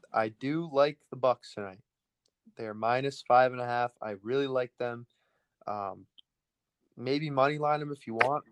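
A man co-hosting a casual sports podcast, running quickly through his betting picks. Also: mid-range voice. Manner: rapid-fire, rattles through picks. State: out of breath.

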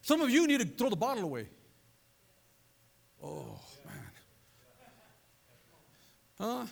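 High-voiced preacher guy, voice jumping all over, chatty asides to the crowd, long hall echo. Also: slow pace, vocal fry. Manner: animated, conversational preaching with asides to the congregation. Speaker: pastor. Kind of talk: sermon. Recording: long reverb of a large hall.

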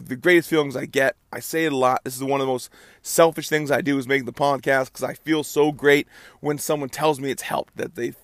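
A man's voice: medium pitch, no echo. Young guy doing his solo podcast, upbeat and rambly, dry close sound. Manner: chatty, upbeat, rambling with restarts. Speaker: podcast host. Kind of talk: casual solo podcast talk. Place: outside a ballpark in the morning.

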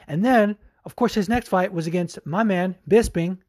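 A young adult man hosting a show, ranting with a profane, salty and animated delivery and frequent fillers. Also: high voice, a little fast, hardly any pauses, no echo, clean studio sound. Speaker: show host. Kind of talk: profane opinion rant.

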